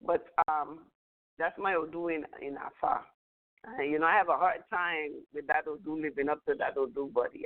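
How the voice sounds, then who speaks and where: A woman's voice: low-pitched, normal speed. Older woman, rambling storyteller with a chuckle; phone-quality audio. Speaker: spiritual teacher. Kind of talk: casual teaching talk. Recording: tinny phone-line audio.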